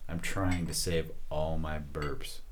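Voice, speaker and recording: A man appearing as a podcast guest, making wisecracking deadpan asides. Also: a bass voice, slow pace, slight background noise. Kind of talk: casual chat.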